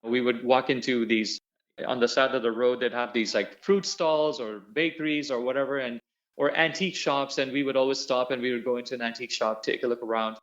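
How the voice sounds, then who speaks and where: Male interview guest, animated storyteller who laughs often, muffled lo-fi audio. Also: mid-range voice, a little fast. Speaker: guest musician. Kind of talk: casual reminiscing interview. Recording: dull lo-fi audio.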